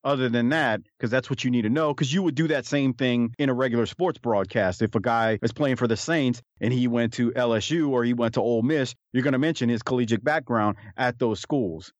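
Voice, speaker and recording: A man co-hosting a casual podcast, chatting and thinking out loud as he goes. His voice sits in a mid range. The recording is dry and somewhat dull and lo-fi. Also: mid-range voice, a little fast, hardly any pauses, no room sound. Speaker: podcast co-host. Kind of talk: casual conversation about old wrestling footage.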